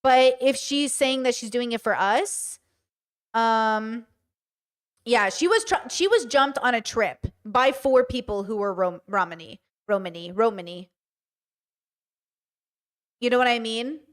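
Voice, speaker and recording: A woman's voice: a little high, a little slow, clear, resonant tone. Chatty woman hosting a livestream. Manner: chatty, rambling with many fillers and restarts. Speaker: streamer host. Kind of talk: casual livestream commentary.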